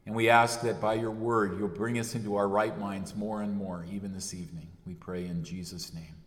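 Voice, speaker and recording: A man's voice: lowish voice, little pitch movement, moderate pace. A man giving a sermon, speaking loosely and correcting himself often with fillers. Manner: rambling, self-correcting with frequent fillers. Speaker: preacher. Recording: echoey hall with long reverb.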